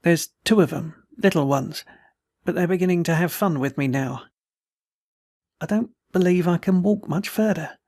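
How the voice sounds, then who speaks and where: A man's voice: on the high side, normal speed, darkish tone, no echo, studio quality, pitched above the performer's own voice. A man voicing a wounded, tattered male soldier who rambles in a folksy, slurred, way. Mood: rambling. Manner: folksy, pleading, words slurred.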